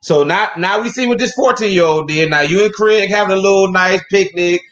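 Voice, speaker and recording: Swearing guy hosting a podcast, kinda high voice, roomy muffled audio. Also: a little fast. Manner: animated, profane, acts out other people's voices. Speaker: podcast host. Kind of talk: casual joking chat. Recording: echoey dull lo-fi room.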